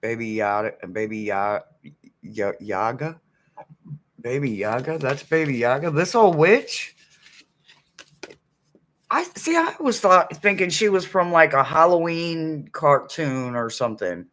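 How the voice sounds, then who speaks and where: A man's voice: a little high, expressive, a little slow, a bit bright. A man tarot reader on a live stream, laughing almost nonstop and exclaiming giddily while unboxing a deck.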